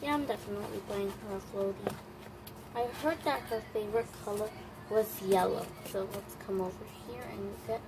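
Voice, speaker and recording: A woman narrating a toy doll shopping game in a chatty, halting way with plenty of fillers, on a noisy home recording. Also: mid-range voice. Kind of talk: playful toy role-play narration.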